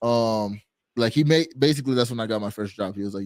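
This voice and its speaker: A man guesting in a casual live-stream chat tells stories in a loose, rambling way full of fillers. His voice is on the low side, his pace quick, and the clean studio sound has no echo.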